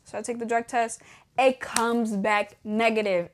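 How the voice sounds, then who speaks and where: A woman's voice: on the high side, steady tone, unhurried, a little hiss or hum. Young woman, podcast host, casual testimony storyteller who acts out old dialogue with laughs. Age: young adult. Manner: casual, laughs often, acts out her own past dialogue.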